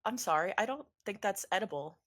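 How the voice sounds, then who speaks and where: A woman's voice: medium pitch, animated, brisk, fairly bright tone. An unfazed male food-stall vendor, voiced by a woman in a tabletop game, matter-of-fact and obliging whatever is asked. His tone is plain and ready to serve.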